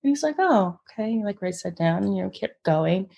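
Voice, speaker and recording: A woman's voice: medium pitch, animated, brisk, vocal fry, dark tone, muffled recording. A woman artist in her thirties telling her story in an interview, acting out the people she quotes and laughing often. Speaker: guest artist.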